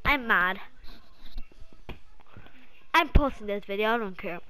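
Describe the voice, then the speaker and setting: A woman giving excitable gameplay commentary, talking to herself and swearing as she plays. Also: medium pitch, takes it slowly, a little hiss or hum. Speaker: gamer. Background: game music.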